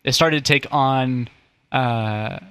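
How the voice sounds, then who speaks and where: A man's voice: medium pitch, slow pace, pushed and bright, smooth, dry recording. A man hosting a casual comedy podcast, rambling and joking as he explains word origins. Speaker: podcast host.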